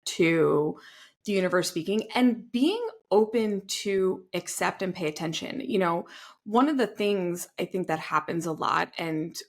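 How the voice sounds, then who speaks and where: A woman in her thirties co-hosting a podcast, talking in a relaxed, reflective way with many fillers. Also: lowish voice, unhurried. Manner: conversational, filler-heavy, reflective. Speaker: podcast co-host. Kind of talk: casual chat.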